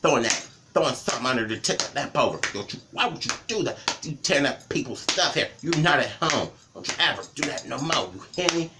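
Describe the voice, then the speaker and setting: A man voicing an angry mother scolding a young child, firing off repeated rapid questions. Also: medium pitch, heavy background noise, natural voice.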